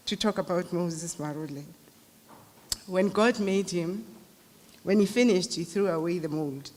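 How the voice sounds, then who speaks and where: A woman's voice: on the low side, a little mellow, slight background noise. South African woman, middle-aged, conversational eulogy, anecdotal storytelling, reverberant large hall. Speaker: widow giving a eulogy. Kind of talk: memorial speech.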